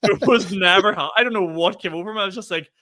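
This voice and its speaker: A young Northern Irish man telling a long, animated story on a casual podcast, cursing freely and laughing as he goes. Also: high-pitched, quick pace, a crowd in the background. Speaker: podcast co-host.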